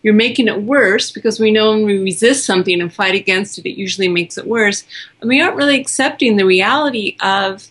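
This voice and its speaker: A woman guest expert answering interview questions in a calm, gentle, explanatory way. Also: medium pitch, a little fast. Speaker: guest expert on self-compassion.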